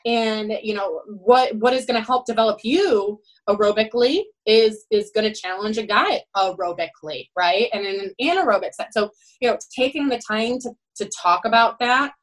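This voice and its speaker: A woman's voice: medium pitch, moderate pace, few pauses, rough recording. A middle-aged woman who coaches college swimming tells candid, emphatic stories in a podcast interview and leans on "you know" and "right?". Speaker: college swim head coach.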